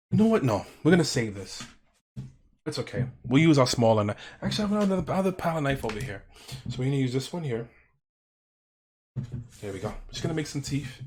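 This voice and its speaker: A man streaming as he paints, in a quiet, gentle painting-show parody with deadpan dark jokes. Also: mid-range voice. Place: home streaming setup.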